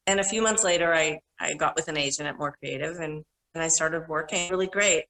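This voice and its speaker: A middle-aged woman with a bright, forceful voice that sits a little low. She tells long, animated stories as a panel guest, often correcting herself mid-sentence. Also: a little fast, few pauses, rough recording. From Minnesota. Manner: rambling, self-correcting, animated anecdotes. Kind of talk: casual storytelling.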